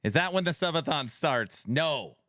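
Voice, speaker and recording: A man's voice: a little high, expressive, normal speed, pushed and bright, no echo, studio quality. A man streaming from home, bantering with his chat and reading out community questions in a casual, sometimes raised voice. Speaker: streamer hosting a gaming podcast. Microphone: headset mic.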